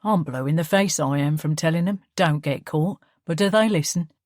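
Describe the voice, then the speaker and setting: A man's voice: a little high, normal speed, darkish tone, dry recording, studio quality, lightly acted. A woman voicing a young, charming male crime boss with a Cockney accent, breezy and falsely friendly. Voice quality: breezy, matey.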